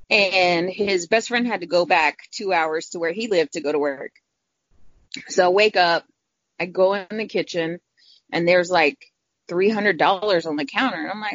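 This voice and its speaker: A woman's voice: fairly low pitch, moderate pace, no echo. A woman telling a personal story in casual talk, frank and profane, acting out what people said. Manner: frank, profane, quotes people in lively voices. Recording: dull lo-fi recording.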